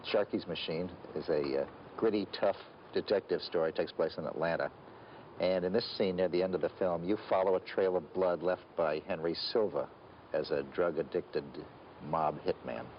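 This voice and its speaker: A man hosting an interview, asking measured questions and introducing film clips. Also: low voice. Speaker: interview host. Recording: dull lo-fi recording with faint hiss.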